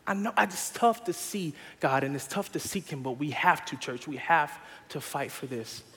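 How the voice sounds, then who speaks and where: A young man preaching an earnest sermon to his church, moving from quiet urging to loud, laughing stories about family life. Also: a little high, lively intonation, moderate pace, in a large hall. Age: young adult. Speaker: pastor.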